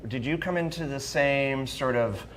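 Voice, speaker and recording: A man co-hosting a podcast, asking measured questions and chiming in with agreement. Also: medium pitch, a little hiss or hum. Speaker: host. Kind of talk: casual podcast interview.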